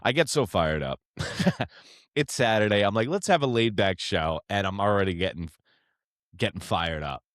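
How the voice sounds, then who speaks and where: A man hosting a sports show, ranting in a brash, profane, excitable way. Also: on the low side, moderate pace, dry recording, clean studio sound. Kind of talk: fired-up sports reaction rant.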